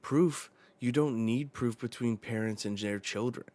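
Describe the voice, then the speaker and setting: A man's voice: mid-range voice, a little slow, warm tone, natural voice. Brook, a man reading as an earnest skeleton swordsman. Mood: incredulous. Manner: indignant, protective, read aloud from a manga page. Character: courtly old male skeleton swordsman, earnest.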